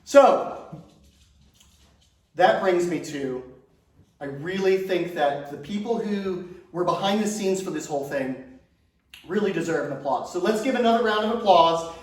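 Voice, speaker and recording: High-voiced comedian in an echoey room. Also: male voice, lively intonation, unhurried, pauses often, distant mic. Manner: chatty, self-mocking, laughs at his own jokes. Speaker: stand-up comedian. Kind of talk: stand-up comedy set. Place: large room on stage.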